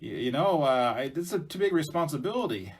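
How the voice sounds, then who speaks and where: A man's voice: on the high side, very animated, fairly quick, pitched above the performer's own voice. A man voicing a sleepy, easygoing young male mouse who talks hesitantly with many fillers. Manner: hesitant, rambling, lots of fillers.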